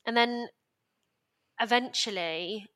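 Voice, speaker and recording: A woman's voice: a little high, slow, a bit bright, clear, resonant tone. A young British woman, a podcast guest, telling a personal story in a candid, emotional way, rambling with many restarts and fillers.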